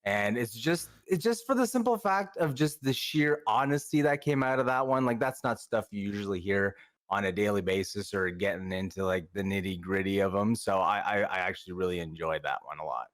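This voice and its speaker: A man in his thirties, a podcast guest chatting in a soft-spoken, easygoing way. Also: fairly low pitch, a little fast, dry recording. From Canada. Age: 30s. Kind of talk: casual podcast chat.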